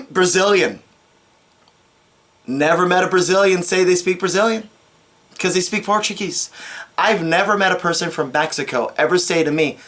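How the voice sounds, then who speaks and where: A woman's voice: lowish voice, lively intonation, moderate pace, pauses often, a bit bright. A woman ranting through a casual video commentary, exasperated and repeating her points. She talks with plain everyday emphasis, sometimes stopping to critique her own work.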